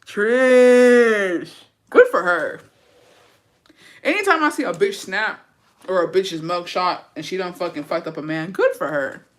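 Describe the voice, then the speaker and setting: A woman's voice: lowish voice, lively intonation, a little slow. A woman telling a dramatic story casually, swearing freely and switching between English and Spanish.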